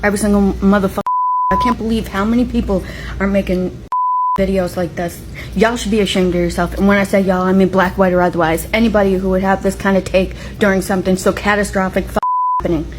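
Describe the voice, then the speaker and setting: A woman's voice: mid-range voice, fairly even intonation, fast. A woman furiously swearing and ranting in a reaction video. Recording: noisy background.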